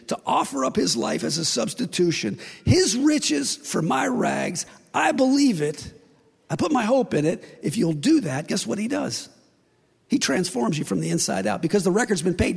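A man's voice: sits high, gravelly, breathy edge. A man preaching a sermon, acting out the voices of God and his listeners. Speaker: pastor. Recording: long reverb of a large hall.

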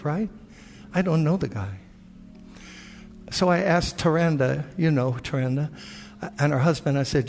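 A man's voice: fairly high pitch, vocal fry, darkish tone, long reverb tail. An older man, a pastor, preaching a sermon with earnest storytelling, quoting prayers and conversations.

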